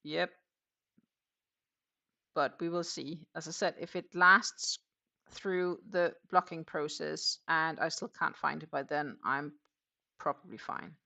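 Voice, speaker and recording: Her voice is deep and gravelly yet bright and forceful, with a steady tone, a slow pace, and long pauses. Hosting a crochet livestream, she rambles casually and responds to viewer comments as she works.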